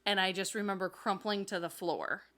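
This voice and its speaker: A woman's voice: mid-range voice, steady tone, normal speed, fairly bright tone. A middle-aged woman co-hosting a podcast, telling a story in a casual chat, laughing and acting out quotes. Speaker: podcast co-host. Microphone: table mic.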